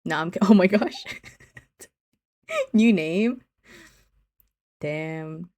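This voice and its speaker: A woman's voice: lowish voice, expressive, extremely slow, a little mellow. A woman streamer chatting casually with her viewers in a teasing, giggly way, often saying she's only kidding.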